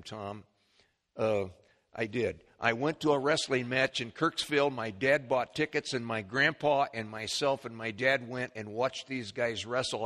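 A man preaching a sermon in a church, dropping to a low murmur and then rising into high, shouted bursts as he gets animated. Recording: long hall reverb.

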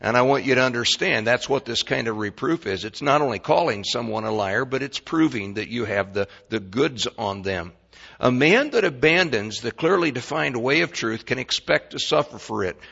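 An older man delivers a folksy sermon in a gravelly voice that has a bright, forceful edge. He stammers and restarts, and he throws questions at the congregation. The recording sounds dull and lo-fi. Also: medium pitch, animated, moderate pace. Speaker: pastor.

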